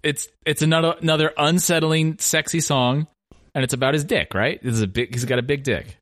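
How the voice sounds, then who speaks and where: A man's voice: a little high, fairly quick, fairly bright tone, no echo, clean studio sound. A man co-hosting a casual, comedic music chat, joking and laughing often. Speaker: podcast co-host.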